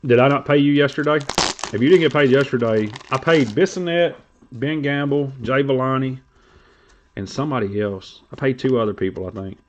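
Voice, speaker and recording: A man's voice: medium pitch, normal speed, muffled recording, a little hiss or hum. A man hosting a trading card stream, rambling and joking crudely in casual chat.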